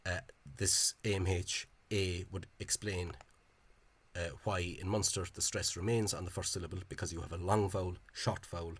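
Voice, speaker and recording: A man with a very low, husky voice talks through a language topic in an informal video. He thinks aloud as he goes, wandering off into side points with a scholarly bent. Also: fairly even intonation, normal speed. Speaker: Irish-language spelling enthusiast. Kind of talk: informal explanatory video talk.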